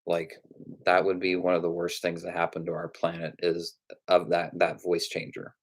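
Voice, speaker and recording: A young man hosting a casual live-stream about movies, talking in a halting way with frequent restarts. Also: low-pitched, completely flat delivery.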